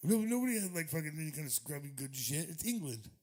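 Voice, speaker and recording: A man's voice: fairly high pitch, very animated, fast, a little mellow, slightly rough. A man in his forties, a touring musician, telling a rambling, profane story on a club stage into a stage mic, laughing often.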